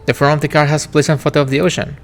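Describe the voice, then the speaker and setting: A man's voice: on the high side, flat delivery, racing. A man streaming a narrative game, reading its first-person text in a reflective, wistful way. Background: faint game music.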